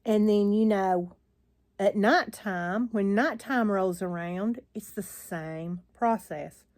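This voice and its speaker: An older woman talks casually into her phone camera for a vlog, her medium-pitched, darkish voice moving slowly. She rambles wearily and sighs often.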